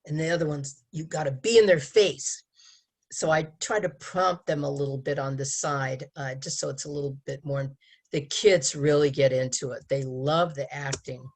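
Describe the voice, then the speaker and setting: A woman educator giving an animated talk to an audience, acting out quoted lines and laughing often. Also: low voice, normal speed. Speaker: abstinence educator. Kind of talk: presentation to an audience.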